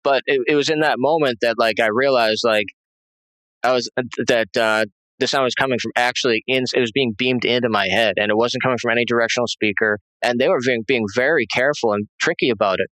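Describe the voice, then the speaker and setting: A man giving a halting, rambling personal testimony as an interview guest, full of fillers and restarts. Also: mid-range voice, a bit bright, dry recording, rough recording.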